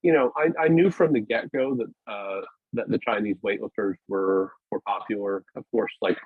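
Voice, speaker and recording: Male guest on a video call, rambling and hesitant, husky, thin phone-like audio. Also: fairly low pitch, normal speed, no room sound. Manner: rambling, hesitant, many restarts and fillers. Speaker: podcast guest, weightlifting media founder. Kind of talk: casual conversational interview.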